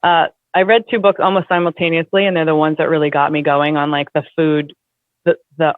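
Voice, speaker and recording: A woman guest in a casual conversation, talking in an animated, chatty way with lots of fillers. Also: low voice, a little fast, no echo. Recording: dry, tinny phone-like line.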